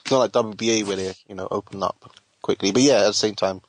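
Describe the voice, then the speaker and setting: A man's voice: on the low side, fairly even intonation, quick pace. A man co-hosting a boxing podcast, teasing and laughing in casual slangy chat. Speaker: podcast co-host.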